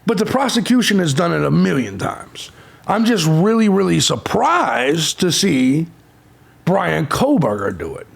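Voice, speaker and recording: Man, high voice, swings up and down a lot, profane sarcastic ranting. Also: big pitch swings, a little slow, vocal fry, slightly rough. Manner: abrasive, insulting, sarcastic. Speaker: true crime channel host.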